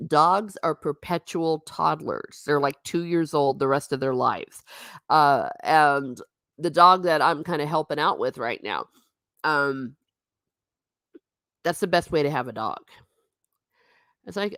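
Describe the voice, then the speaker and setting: A middle-aged woman chats casually on a livestream in a low-pitched voice that swings widely up and down. She laughs often and drops self-mocking asides. The sound is close and dry, with almost no room echo. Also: expressive, unhurried. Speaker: livestream host reading viewer chat.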